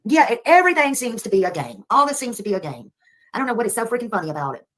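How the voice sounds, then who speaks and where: A woman's voice: a little high, very animated, rapid-fire, a bit bright. A woman ranting on her livestream, repeating herself as she thanks viewers. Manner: heated, repetitive, thanking viewers between outbursts. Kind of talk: angry livestream rant.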